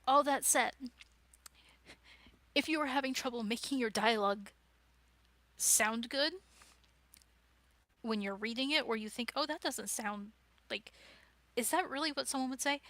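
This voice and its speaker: A woman's voice: fairly high pitch, pushed and bright, dry recording. A woman leading a writing club, giving an informal, chatty talk with frequent restarts and fillers. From United States. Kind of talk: casual informal teaching talk.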